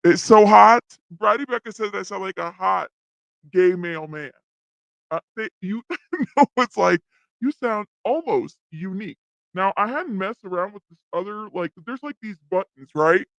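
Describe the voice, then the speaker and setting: A woman's voice: mid-range voice, lively intonation, moderate pace, creaky, dry recording, pitched below the performer's own voice, low-quality recording. A woman livestream host using a voice changer to sound like a male AI, playfully asking her chat how she sounds.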